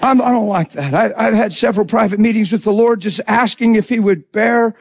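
A man's voice: high voice, fairly quick, slightly rough. A man preaching a sermon in an intense, conversational way, acting out quotes as he goes.

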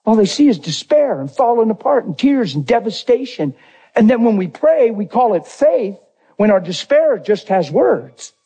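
Emotional husky-voiced man preaching. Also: high-pitched, very animated, moderate pace. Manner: emotional, voice rising to near shouts and dropping to hushed tones; acts out dialogue in his story. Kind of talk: testimony sermon.

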